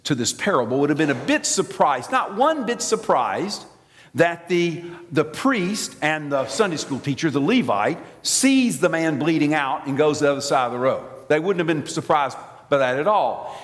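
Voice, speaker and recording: A man with a Southern American accent from Alabama, preaching a sermon as an animated, theatrical storyteller. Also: on the high side, moderate pace. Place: large church sanctuary. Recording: long church reverb.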